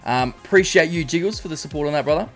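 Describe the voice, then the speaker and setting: A man's voice: fairly high pitch, fast, soft background music. An Australian man streaming live, chatting casually, greeting viewers by name and rambling through a story.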